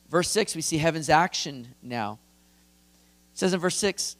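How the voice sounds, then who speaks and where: A man's voice: on the high side, lively intonation, normal speed. A male pastor giving an expository sermon in a conversational, earnest, emphatic way.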